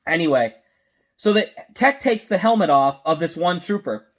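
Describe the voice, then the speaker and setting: A man with a fairly high voice giving a casual fan review, talking with eager enthusiasm. He rambles and keeps restarting his sentences to fix small details. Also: normal speed. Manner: excited, rambling, with frequent self-corrections. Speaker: host.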